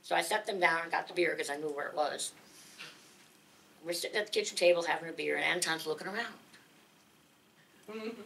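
A woman telling a humorous story live at a gathering, dramatic and lively, laughing along as she goes. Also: on the low side, brisk, vocal fry, pauses often, a little hiss or hum. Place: gathering of singers, indoors.

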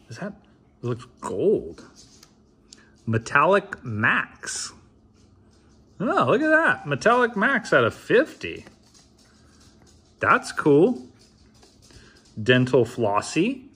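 A man's voice: mid-range voice, fairly bright tone, slightly rough. Wry, mumbling man opening cards. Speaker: card opener. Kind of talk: casual card-opening vlog.

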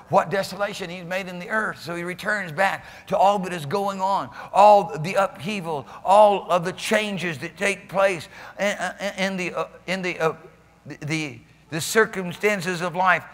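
Pastor guy preaching hard, bright high voice, goes soft then shouts, big church hall echo. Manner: fervent preaching, swings from quiet to shouting. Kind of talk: sermon. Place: church sanctuary.

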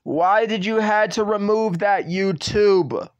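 A man with a noticeably high-pitched voice, talking straight into the camera in a vlog rant. He circles back over the same complaints again and again, swearing freely as he goes. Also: takes it slowly, smooth, dull audio. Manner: repetitive, swearing, ranting address to YouTube. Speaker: channel owner.

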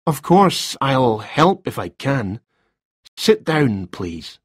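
A man's voice: mid-range voice, sing-song, extremely slow, husky, no room sound, clean studio sound, voice pushed up, heavily acted. A man voicing a nervous male freelance writer in a story reading, talking in a hesitant, defensive way. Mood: flustered.

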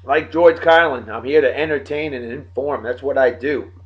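A man's voice: medium pitch, moderate pace. Jokey man with a dull lo-fi sound. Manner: rambling, jokey, talks straight to friends. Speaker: host of a daily beer and song show. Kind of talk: casual birthday shout-outs to viewers. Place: home in Texas.

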